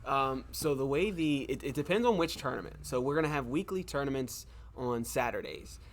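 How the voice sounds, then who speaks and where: A man who owns a gaming lounge, calmly explaining tournament details with frequent ums in a casual interview. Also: mid-range voice, fairly quick, slight background noise. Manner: explains plainly, with many ums and rights.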